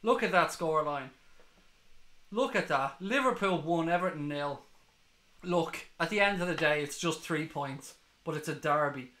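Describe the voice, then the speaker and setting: A man streaming a live football watchalong, ecstatic and swearing, reading chat messages aloud, hoarse from screaming. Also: a little high, moderate pace, fairly bright tone, roomy sound.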